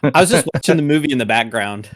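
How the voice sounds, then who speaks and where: A man's voice: mid-range voice, expressive, fast. A man joining a podcast over a video call, giving wry, hesitant opinions. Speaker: podcast co-host. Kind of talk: casual chat.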